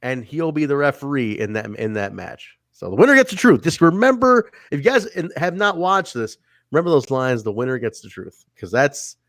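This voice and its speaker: With a medium pitch and moderate pace, a man co-hosts an easygoing wrestling review podcast. He laughs often, stays animated, and acts out the wrestlers' words. The sound is studio quality with no echo.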